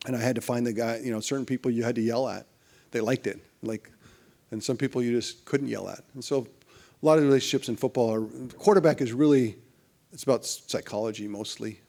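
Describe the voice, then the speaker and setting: A middle-aged man, an interview guest, telling business stories in a rambling, animated way and acting out other people's lines. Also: medium pitch, fast talker. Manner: rambling, with restarts and fillers.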